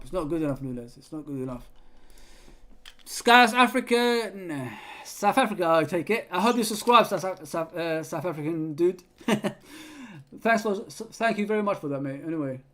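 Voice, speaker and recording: Young male fan host, casual watch-along chat with excited play-by-play bursts, higher-pitched voice. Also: brisk. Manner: chatty, reads viewer comments, bursts of excited play-by-play. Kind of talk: live football watch-along commentary.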